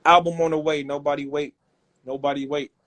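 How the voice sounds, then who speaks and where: A man's voice: a little high, little pitch movement, a little fast. Man hyping a cash giveaway. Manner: loud, profane, repetitive hype talk. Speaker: rap label owner running a giveaway. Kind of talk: hyped social media livestream.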